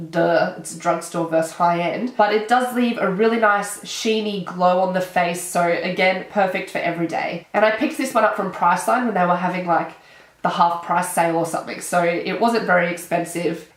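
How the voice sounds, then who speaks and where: A bubbly young Australian woman chats away with the stuffed, nasal sound of a head cold. Her voice sits at an ordinary middle pitch. The sound bounces around a roomy, echoey space. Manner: bubbly, excitable, chatty. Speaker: beauty vlogger. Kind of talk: casual chat. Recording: echoey room.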